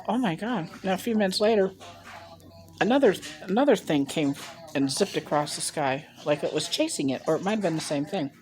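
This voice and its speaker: A woman in her sixties from Ohio tells a story in a somewhat low voice. She rambles and drifts into side remarks as she goes. It is recorded on a phone held at arm's length. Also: darkish tone. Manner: rambling, chatty, with asides. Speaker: mukbang vlogger. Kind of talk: casual storytelling to camera. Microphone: handheld phone.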